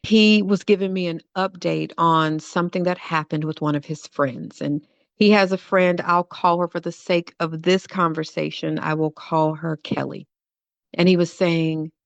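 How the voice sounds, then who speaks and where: A woman's voice: fairly low pitch, gravelly, no room sound, dull audio. A woman hosting a podcast, telling a personal story in an earnest way and repeating phrases for emphasis. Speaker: podcast host.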